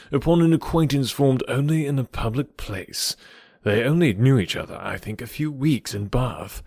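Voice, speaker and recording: A man voicing a charming young gentleman who talks in a lively, teasing way. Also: medium pitch, gravelly, slightly rough, dry recording, clean studio sound.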